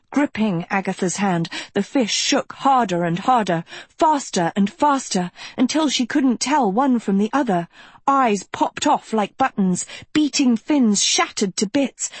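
Woman audiobook narrator, high-ish, unhurried, dramatic. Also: breathy edge, no room sound. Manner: measured, dramatic storytelling. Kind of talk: scripted narration.

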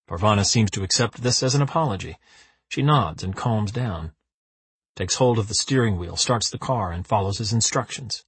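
A man narrating an audiobook with a lively, dry comic storytelling manner. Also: on the low side, moderate pace, husky, no echo.

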